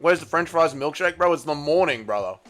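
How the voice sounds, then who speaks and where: A man's voice: fairly high pitch, lively intonation, brisk, a bit bright. A young Australian man livestreaming, casually reading his chat and bantering back with swearing and mock-patriotic ribbing. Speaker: streamer.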